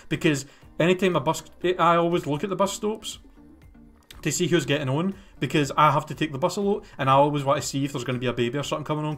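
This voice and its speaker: A man's voice: on the high side, fairly bright tone. A young Scottish man, a game streamer, telling a rambling, exasperated story full of swearing. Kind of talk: ranting anecdote during a game stream.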